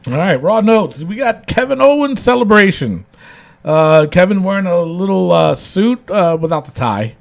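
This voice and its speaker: A man's voice: high voice, expressive, moderate pace, vocal fry. A man hosting a casual wrestling podcast, rambling with lots of fillers and restarts. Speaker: podcast host.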